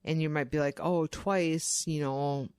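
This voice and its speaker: A young woman co-hosting a podcast, telling a true crime story casually, animated and swearing, acting out quoted voices. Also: deep voice, unhurried, smooth, dry recording, clean studio sound. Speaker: podcast co-host.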